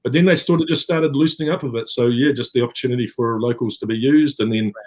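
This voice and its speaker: A man's voice: mid-range voice, fast talker. A middle-aged man with a New Zealand accent, chatting as an interview guest, rambling with many fillers and restarts. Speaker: actor guest. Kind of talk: casual interview chat.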